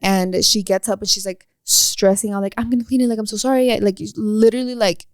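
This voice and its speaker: A woman's voice: mid-range voice, fairly even intonation, fairly quick, no room sound, studio quality. A woman co-hosting a podcast, telling stories about parenting in casual chat and mixing in Spanish lines. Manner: storytelling, mixes in Spanish lines. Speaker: podcast co-host; mother.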